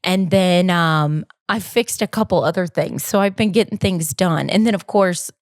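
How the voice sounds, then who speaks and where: In a studio-quality recording with no echo, a woman with a lowish voice talks at normal speed. Hosting a podcast solo though she's a co-host, she offers a casual personal monologue, rambling and candid, poking fun at herself as she fights off tears.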